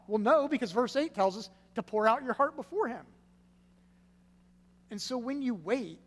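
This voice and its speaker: A man preaching a sermon, stressing key words loudly and then dropping to a hushed, low delivery. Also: normal speed. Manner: swings from loud emphatic stresses to hushed low phrases. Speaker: pastor. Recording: long reverb with faint hum.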